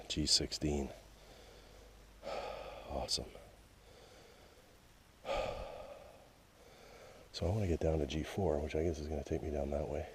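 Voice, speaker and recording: A Canadian man with a very low, deep voice talks to his action camera as he walks a wooded trail. He is wry and grumbles about the signs, chatting casually. A faint hiss of outdoor noise sits behind him. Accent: Canadian English. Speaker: hiking vlogger. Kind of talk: casual narration while hiking.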